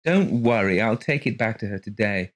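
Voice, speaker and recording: A man's voice: fairly low pitch, animated, normal speed, close to an everyday voice. A man voicing an odd middle-aged woman lodger who answers vaguely and evasively.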